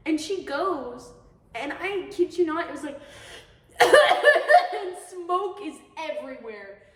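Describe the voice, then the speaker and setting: A young woman co-hosting a podcast, telling stories in a casual, animated way and laughing often. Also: sits high, slow. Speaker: podcast co-host. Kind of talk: casual storytelling chat. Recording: echoey room, far from the mic, faint hiss.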